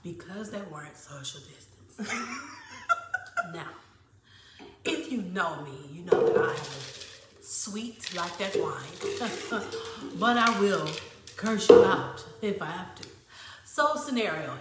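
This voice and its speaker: A woman's voice: fairly low pitch, expressive, slow pace, pauses often. A woman hosting a casual talk show, telling a sassy story and laughing often. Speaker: host. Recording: echoey room with faint noise.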